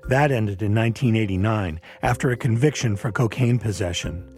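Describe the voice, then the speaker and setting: A man reading scripted documentary narration in a measured, even way. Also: lowish voice, faint music behind.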